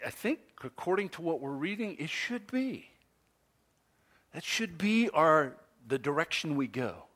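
A man preaching a sermon, swinging from loud, emphatic stresses to soft, low asides. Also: sing-song. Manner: slow, deliberate delivery with pauses. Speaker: pastor.

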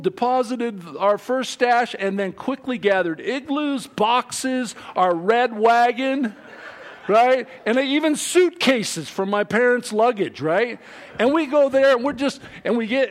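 A middle-aged man preaching a sermon, telling a childhood story in an animated way, swinging from loud to quiet. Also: sits high. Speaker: pastor.

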